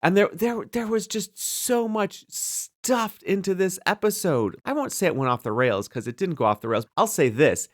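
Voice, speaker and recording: A woman co-hosting a podcast in easy, casual chat. Her pitch swings widely as she talks, jumping from high to low. She jokes a lot and often breaks off her sentences. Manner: animated, quick to joke and trail off. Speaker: podcast co-host.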